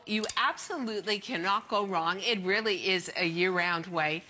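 Woman designer, crisp and bright, effusive TV-shopping pitch, slightly muffled broadcast sound. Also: a little hiss or hum. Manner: enthusiastic, chatty, gushing about colors. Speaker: fashion designer selling her jeans. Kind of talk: home shopping sales pitch. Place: TV shopping studio.

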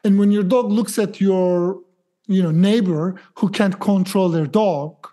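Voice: mid-range voice, unhurried, dark tone. A dog trainer co-hosting a podcast, explaining behavior with acted-out examples and quoted thoughts.

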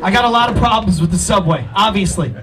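A man's voice: high-pitched, expressive, fast talker, background noise. A man from Brooklyn with a New York accent doing a brash, profane stand-up comedy set on a club stage. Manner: brash, profane, ranting delivery. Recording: distant mic, crowd laughter in the room. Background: audience laughter.

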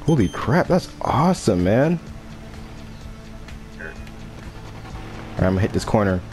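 A man's voice: lowish voice, big pitch swings, measured pace, darkish tone, faint music behind. A man giving gameplay commentary on his own video, often groaning in exasperation at his friend. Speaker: gaming video creator.

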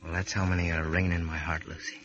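An actor playing an eager, lovesick young sailor, earnest and pleading in 1930s radio drama style. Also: male voice, low voice, level tone, quick pace, fairly bright tone. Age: young adult. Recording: scratchy dull old radio transcription.

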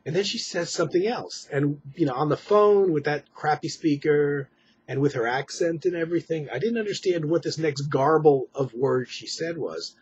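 Weary, husky man rambling late at night. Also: fairly high pitch, normal speed, a little mellow, dull audio. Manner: rambling, weary, with many fillers and restarts. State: exhausted. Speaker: vlogger. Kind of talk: late-night personal update. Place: at home at night.

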